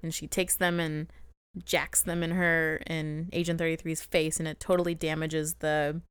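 Giggly woman podcast co-host, lowish voice, smooth and clear, dry close sound. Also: level tone, normal speed, no echo. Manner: giggly, laughs often. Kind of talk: casual chat recapping a TV episode.

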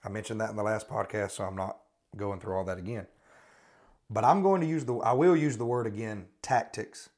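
A man's voice: fairly low pitch, brisk, a little mellow. Man repeating pointed questions. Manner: repeats rhetorical questions, restarts often. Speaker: podcast host. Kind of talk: critical religious commentary.

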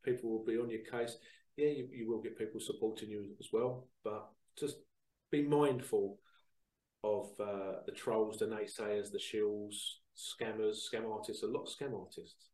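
A man hosting a show, talking casually to viewers in a chatty, animated storytelling way that repeats phrases. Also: lowish voice, moderate pace, recorded from a distance. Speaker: psychic reader and show host. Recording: roomy sound, away from the mic.

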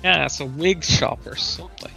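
A man's voice: a little high, normal speed, gravelly, bright, forceful tone, faint music behind, low-quality recording. A man co-hosting a livestream, dropping brief, offhand remarks in casual chat. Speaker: co-host.

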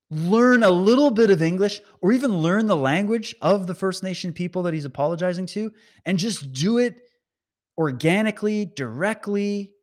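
Animated, ranting man. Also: sits high. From Canada. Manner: sarcastic, profane, heated. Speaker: online commentator. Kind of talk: ranting commentary over clips.

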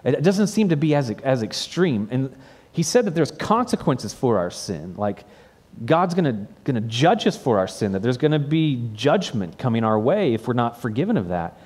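A man preaching at a middle pitch and sounding like he is just talking with people. He tells a story from his own ministry, restarting phrases and repeating words as he goes. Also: sing-song, normal speed, a little mellow, slightly rough. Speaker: pastor. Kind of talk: sermon with personal story.

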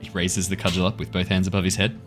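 A man's voice: deep voice, completely flat delivery, fast talker, faint music behind. A man narrating a tabletop roleplaying game as dungeon master, often laughing as he describes the scene.

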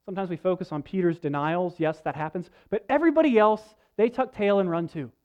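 A pastor with a high, light voice delivers a sermon in an earnest, conversational way. He drops into folksy asides now and then. The recording sounds a little dull and lo-fi. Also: quick pace, a little mellow.

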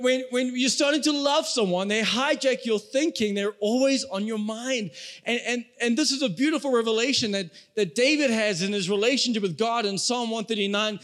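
A man's voice: very high voice, fairly bright tone. A young adult man, a pastor, preaching a sermon in a conversational way and speaking straight to the congregation.

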